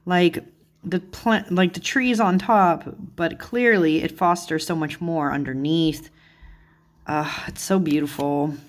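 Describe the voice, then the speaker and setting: A tarot channel host with a voice on the low side speaks slowly as she leafs chattily through a card deck. She gushes, delights easily, and says "like" and "oh my goodness" a lot.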